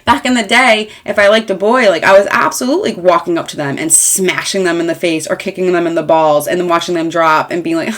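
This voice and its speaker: Fast-talking and frank, a woman in her thirties rambles casually through a tarot reading, swearing lightly and using plenty of fillers. Her voice is slightly low.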